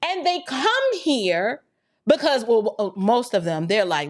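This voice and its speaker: A woman's voice: a little high, very animated, normal speed. A woman hosting an opinion podcast, talking emphatically and preachily with rhetorical questions, and reading viewer chats. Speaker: podcast host.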